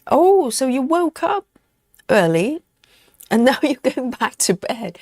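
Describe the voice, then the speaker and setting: Woman, slow relaxed live-stream chat, gravelly, dry recording. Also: high-pitched, no room sound. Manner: relaxed, unhurried, chatting to viewers. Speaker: host of a cross-stitch livestream. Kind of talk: casual live-stream chat while stitching. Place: at home in the evening.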